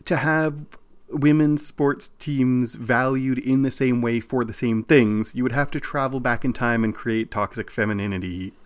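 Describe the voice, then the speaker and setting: A man co-hosting a casual podcast, arguing his views in quick bursts with frequent restarts. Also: mid-range voice, steady tone. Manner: opinionated, talks in bursts with restarts. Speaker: podcast co-host.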